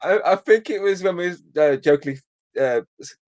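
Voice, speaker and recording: A man's voice: high-pitched, brisk, darkish tone, no room sound, studio quality. A young man hosting a podcast, casually recapping a film scene by scene and acting out the quoted lines between laughs. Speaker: podcast host. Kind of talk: casual film breakdown chat.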